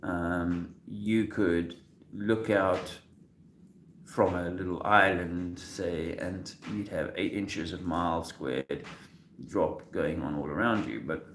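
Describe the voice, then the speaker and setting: Slow, gravelly, deep-voiced man talking. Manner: halting, full of restarts and fillers; soft-spoken and emotional at times. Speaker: video host. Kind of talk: casual livestream talk. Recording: echoey room with faint noise.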